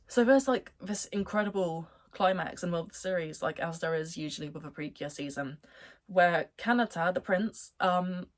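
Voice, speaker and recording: A young woman talking casually about a cartoon series she loves, rambling with lots of fillers and bursts of enthusiasm. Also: on the low side. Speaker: anime reviewer. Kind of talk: casual chat.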